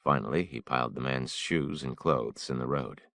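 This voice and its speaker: A man narrates an audiobook in a measured, somber way. His voice is extremely deep and gravelly, recorded close and dry. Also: a bit bright, no room sound.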